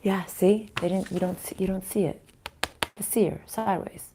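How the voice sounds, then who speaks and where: A woman giving a casual tarot reading to viewers, pausing to consult spirits aloud and often restarting her sentences. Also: mid-range voice, fairly even intonation, noisy background. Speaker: tarot card reader.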